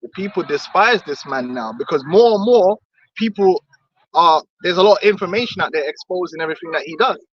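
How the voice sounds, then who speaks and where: A man's voice: high-pitched, expressive, a little fast, a bit bright, dry recording. A man in heated religious discussion, blunt and swearing, mimicking other voices. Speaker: podcast co-host. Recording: dull lo-fi dry recording.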